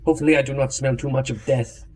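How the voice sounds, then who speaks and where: A player speaking in character at a tabletop game, calm and measured. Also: mid-range voice. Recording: distant mic with clear background noise.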